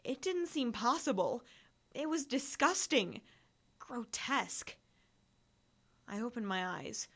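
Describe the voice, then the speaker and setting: A woman narrates a first-person audiobook in a bright, fairly high voice. She reads with intensity and pushes the tension hard through the chase scenes. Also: expressive, unhurried. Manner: intense, building to breathless urgency in action.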